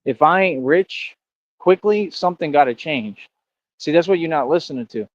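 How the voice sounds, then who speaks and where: A man's voice: on the high side, lively intonation, moderate pace, dry recording, highs cut off. A man ranting to his chat on a livestream, boastful and confrontational, who keeps calling people bro.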